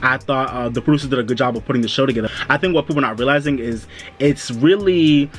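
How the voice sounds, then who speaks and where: Guy rattling off a chatty show review real quick, loose and casual, faint music under him. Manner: fast, loose and chatty, acts out reactions in a high voice.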